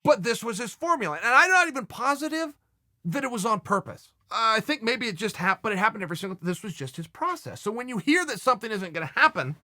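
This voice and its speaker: A man's voice: high-pitched, big pitch swings, fast talker, pushed and bright, no room sound, clean studio sound. A man hosting a podcast, telling a wry story in a casual, anecdotal way. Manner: wry anecdotal storyteller who often acts out others' lines. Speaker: podcast host.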